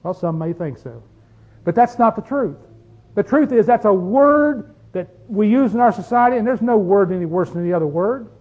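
A man's voice: sits high, lively intonation, moderate pace, highs cut off. A man preaching a sermon, pressing his points with rhetorical questions and drawing out key phrases for stress. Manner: emphatic, rhetorical questions to the congregation.

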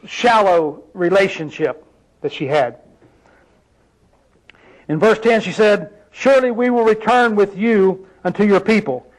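A man's voice: high voice, low-quality recording. A man preaching a sermon, reading scripture aloud and pressing the congregation with rhetorical questions.

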